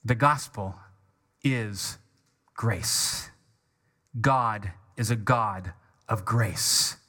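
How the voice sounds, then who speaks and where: A man preaching a sermon as pastor, reading scripture slowly with stress on each phrase and leading the congregation in call-and-response. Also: on the low side, sharp tone. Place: church sanctuary.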